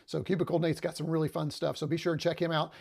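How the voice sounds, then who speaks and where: A man hosting a relaxed livestream, chatting to viewers in a rambling, easygoing way and often pausing on "uh". His voice sits a little high and carries a gravelly edge. He sounds slightly out of breath, and he is picked up close on a small lapel mic. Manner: chatty, rambling, with frequent "uh" and restarts. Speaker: livestream host. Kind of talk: casual livestream chat.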